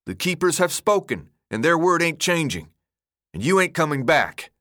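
A man voicing a stern teenage leader who speaks loudly and ceremoniously. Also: on the high side, lively intonation, brisk, no room sound, clean studio sound, pitched above the performer's own voice. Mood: commanding. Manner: loud, ceremonious, roaring orders.

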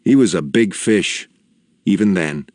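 Deep-voiced man reading a story. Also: expressive, no room sound. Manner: measured, deliberate storytelling with quiet gravity. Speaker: audiobook narrator. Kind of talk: scripted narration.

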